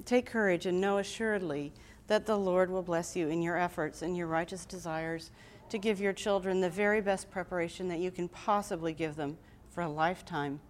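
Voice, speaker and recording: Earnest woman with a lowish voice. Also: slight background noise. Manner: earnest and heartfelt; reads scripture aloud with emphasis. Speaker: conference presenter. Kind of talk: live presentation to an audience.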